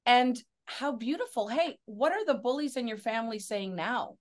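A woman hosting a casual interview, effusive and encouraging toward her guest, with quick asides. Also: on the high side, animated. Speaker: interview host.

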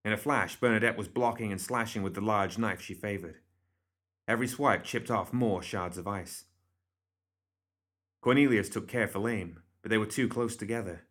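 A man reading a story aloud as audiobook narrator, in a steady, measured way. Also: lowish voice.

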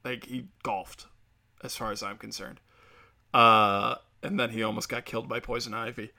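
A man's voice: lowish voice, level tone, moderate pace, gravelly, pushed and bright. A man hosting a podcast alone, ranting crudely and sarcastically, often mocking other people's voices. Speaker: podcast host. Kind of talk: solo podcast rant.

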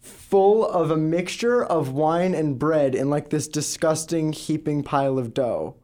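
A young man with a somewhat high voice joking around on a podcast. He swears freely and tells crude stories in an easy, casual way. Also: unhurried, dark tone. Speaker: podcast co-host. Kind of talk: casual chat.

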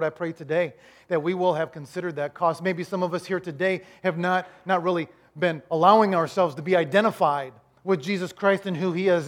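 Male pastor with a high voice, sermon delivery, humorous storyteller, emphatic repetition.

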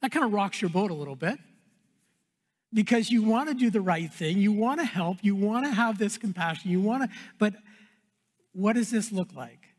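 A male pastor preaching a sermon in an earnest way, repeating phrases and dropping to a hush for emphasis. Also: high voice, lively intonation, normal speed. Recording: long hall reverb.

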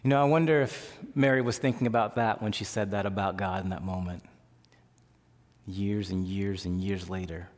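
Animated male pastor preaching in a reverberant hall. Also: on the low side, moderate pace. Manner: conversational, animated preaching with restarts. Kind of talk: sermon.

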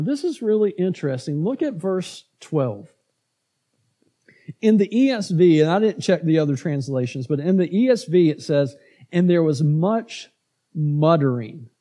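A man's voice: on the high side, sing-song, a little slow, mellow. A man preaching a conversational sermon, asking his congregation questions and acting out grumbling crowds. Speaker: pastor.

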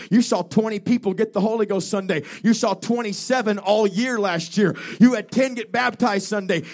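Male evangelist, revival sermon, fervent declamatory delivery, high gravelly voice. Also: darkish tone. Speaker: traveling evangelist. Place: church during a revival service.

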